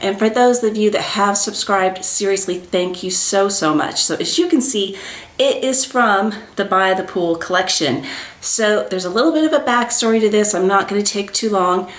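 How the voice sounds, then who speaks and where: A woman with a Southern US accent hosting an excited unboxing vlog, giddy and breathless and repeating her exclamations. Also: mid-range voice, normal speed, echoey room. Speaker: YouTube host. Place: small room at a little desk, indoors.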